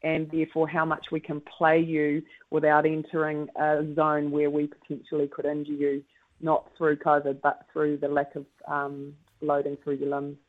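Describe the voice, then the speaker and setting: A woman's voice: low voice, completely flat delivery, moderate pace. A woman netball coach, calling in to a radio show and chatting casually with plenty of fillers. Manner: thoughtful, with frequent fillers and laughs. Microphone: phone call. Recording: tinny phone line.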